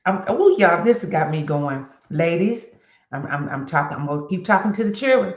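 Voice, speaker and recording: A woman's voice: on the low side, moderate pace. Chatty woman host in an echoey room. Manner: animated and chatty, addressing viewers as y'all. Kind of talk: casual motivational vlog talk. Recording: echoey room with dull lo-fi sound.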